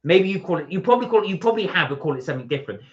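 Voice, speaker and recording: A man hosts a casual live stream, reading viewer comments aloud in a chatty way. His pitch swings widely, rising and falling as he talks. The audio is dull and lo-fi. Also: lively intonation, racing. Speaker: co-host reading the live chat.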